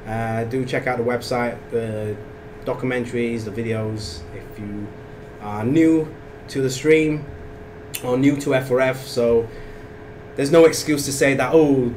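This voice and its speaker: A man co-hosting a live stream in a relaxed, easygoing way. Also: medium pitch, a little slow. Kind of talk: casual chat on a live stream. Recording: distant mic with air-conditioning hum.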